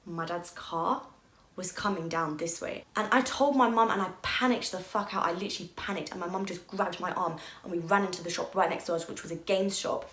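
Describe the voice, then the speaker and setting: Young woman, vlogger, candid emotional storytelling, slightly low voice, roomy echo. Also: brisk, a bit bright. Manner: candid, emotional retelling with frequent "like" and swearing. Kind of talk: storytime vlog. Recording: echoey room.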